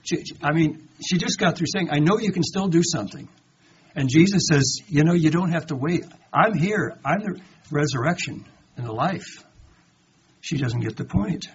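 A man's voice: a little high, moderate pace. Man teaching scripture on a dull lo-fi recording. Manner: reads verses aloud then comments with rhetorical questions; dramatizes quoted lines in a lively voice. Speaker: Bible teacher. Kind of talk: conversational Bible study sermon. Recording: dull lo-fi recording with faint background noise.

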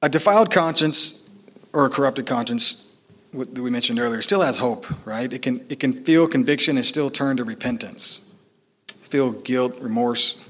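A man's voice: medium pitch, moderate pace, fairly bright tone. Conversational middle-aged male preacher. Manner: conversational, with fillers and self-deprecating asides. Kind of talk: sermon.

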